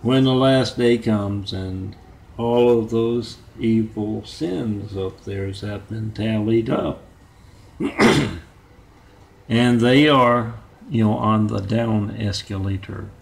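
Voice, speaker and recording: A low-pitched man with a gravelly, creaky voice talks very slowly. He rambles through a self-made monologue, halting often and filling his pauses as he goes. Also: steady tone, slight background noise. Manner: halting, meandering, with many filler pauses.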